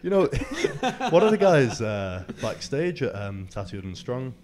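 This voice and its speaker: A man's voice: mid-range voice, sing-song, unhurried, darkish tone, a little hiss or hum. A man hosting a casual podcast chat, rambling through stories and swearing freely. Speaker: host.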